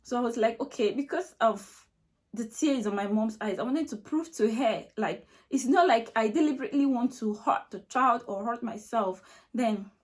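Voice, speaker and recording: A woman's voice: on the high side, moderate pace, darkish tone. A young Nigerian woman with a Nigerian accent, emotionally retelling a personal story to camera in a repetitive, filler-heavy way. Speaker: vlogger.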